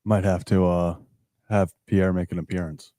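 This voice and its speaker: A man chatting casually on a sports show, relaxed, with short interjections. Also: deep voice, moderate pace. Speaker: co-host. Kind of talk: casual chat.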